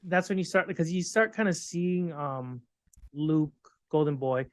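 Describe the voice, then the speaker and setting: A man's voice: a little high, a little slow, dry recording. A man co-hosting a casual pop-culture podcast, talking in a laid-back, hesitant way with many ums and likes. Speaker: podcast co-host. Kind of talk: casual chat.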